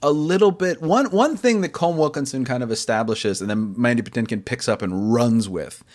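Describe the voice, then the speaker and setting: A man hosting a podcast in casual chat, enthusiastic and quick to laugh, rambling through his points. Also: medium pitch, darkish tone. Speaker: podcast host.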